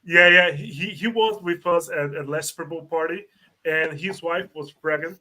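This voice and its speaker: A man, a guest fan, telling a story in halting bursts with repeated words and laughter. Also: a little high, sharp tone, poor audio. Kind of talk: casual storytelling.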